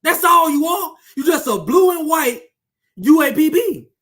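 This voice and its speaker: A man's voice: very high voice, sing-song, a little slow, bright, forceful tone. A man delivering a heated, profane sports rant to his viewers, taunting and repeating himself for emphasis. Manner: fiery, repetitive, profane, taunting. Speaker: sports commentator with his own channel.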